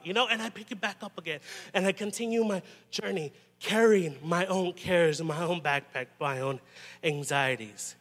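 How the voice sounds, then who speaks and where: High, bright-voiced male preacher in a hall. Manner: conversational, halting with restarts and "you know". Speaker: pastor. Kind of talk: sermon.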